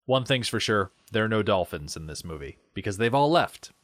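A man with a low voice and a very animated, swinging delivery talks through a movie scene by scene. He is wry and drifts into tangents, recorded close and dry with no room sound. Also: brisk, no room sound. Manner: wry, lively storytelling with tangents. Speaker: podcast co-host. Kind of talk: casual movie discussion.

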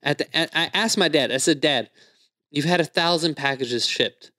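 A man's voice: fairly high pitch, normal speed, pushed and bright, no room sound. A man with a slightly raised voice tells a story in casual chat. He laughs through his lines, swears freely and acts out the people he quotes. The sound is dry and close.

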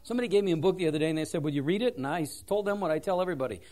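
A man preaching a sermon in church, telling stories with a self-deprecating, animated manner. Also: a little high, rapid-fire. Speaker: pastor.

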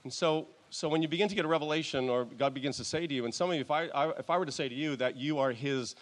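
A male pastor preaching a sermon in a church, in a conversational, halting way with restarts and soft chuckles. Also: fairly high pitch.

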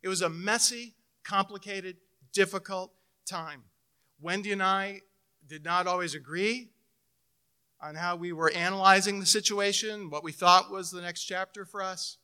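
Resonant, bright-voiced middle-aged male preacher. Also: high voice, fairly even intonation, normal speed, clean tone. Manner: storytelling, swinging between loud emphasis and hushed intimacy. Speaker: pastor. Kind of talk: sermon.

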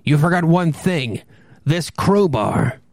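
An earnest young hero from a vintage horror comic, as a man reads him out, urgent and melodramatic. His voice is a little gravelly and sits slightly raised, dry and close to the mic. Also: on the high side, expressive, takes it slowly, darkish tone, dry recording, voice pushed up, full character voice. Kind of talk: dramatic reading of a comic.

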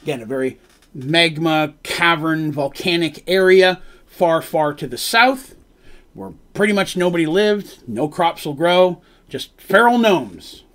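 A man's voice: a little high, measured pace, fairly bright tone. A man streaming as game master, rambling through a recap of his tabletop story and quoting the characters' lines. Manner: rambling, retells scenes with quoted lines.

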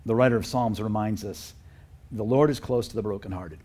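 Male pastor, husky timbre, earnest conversational sermon delivery. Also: lowish voice, brisk, mellow. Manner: conversational, earnest, with fillers and chuckles.

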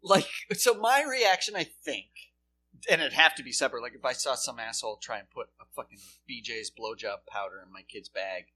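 A man's voice: animated, a little fast, sharp tone, husky. A man co-hosting a podcast, swearing a lot and jumping into exaggerated voices to act out his jokes. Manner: profane, jumps into high put-on voices for bits. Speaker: podcast co-host. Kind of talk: casual comedic banter.

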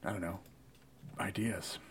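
A man's voice: low-pitched, fairly even intonation, a little slow, a bit bright, a little hiss or hum. A man hosting a casual podcast chat, easygoing and a little hesitant as he guides a character build. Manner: easygoing, hesitant, many restarts. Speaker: podcast host guiding character creation. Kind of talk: casual chat about tabletop game planning.

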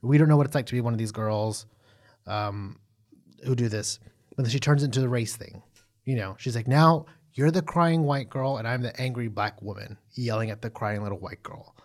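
A man co-hosting a casual recap chat, animated and profane, full of fillers and restarts. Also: mid-range voice, moderate pace. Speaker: podcast co-host.

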